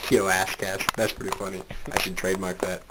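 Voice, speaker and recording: A man's voice: low-pitched, little pitch movement, fairly quick. A young man chatting over voice chat from a small bathroom at home, laughing often and joking crudely. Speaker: podcast guest. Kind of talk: casual voice chat. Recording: loud noisy voice chat mic, close.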